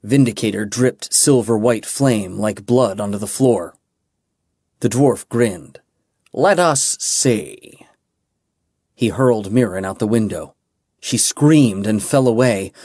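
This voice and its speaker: A man narrating a fantasy audiobook with a measured, dramatic reading. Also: on the low side, mellow, dry recording, clean studio sound. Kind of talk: scripted narration.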